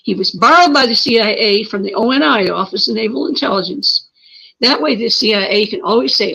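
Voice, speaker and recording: A woman's voice: on the high side, expressive, fairly quick, vocal fry, bright, forceful tone, breathy edge. A woman being interviewed who tells her story emphatically, pressing her points with repeated words and rhetorical questions. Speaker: interview guest. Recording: muffled lo-fi stream audio.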